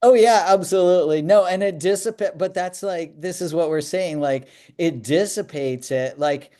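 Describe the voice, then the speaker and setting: A man's voice: high-pitched, normal speed, dark tone. A man in a casual podcast chat, easygoing and laughing often.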